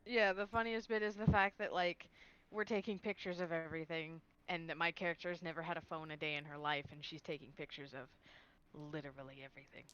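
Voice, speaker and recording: Low smooth woman on a dull mic. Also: flat delivery, a bit bright. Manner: candid, chatty, quick to laugh. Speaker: player. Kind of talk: casual chat.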